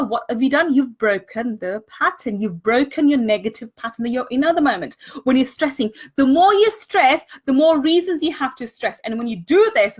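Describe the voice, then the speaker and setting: Woman, bright high voice, earnest live-stream coach, leans on repetition. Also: breathy edge. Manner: earnest, repeats words for emphasis; greets viewers and thanks them mid-talk. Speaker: money mindset coach.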